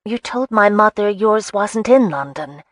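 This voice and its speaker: A woman's voice: medium pitch, lively intonation, unhurried, no room sound, studio quality, voice pushed up, lightly acted. A woman voicing a young, earnest marchioness. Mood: flustered.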